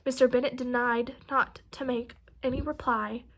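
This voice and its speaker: A woman reading a classic novel aloud as narrator, steady but with small slips and restarts. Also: on the high side, moderate pace. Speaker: audiobook reader.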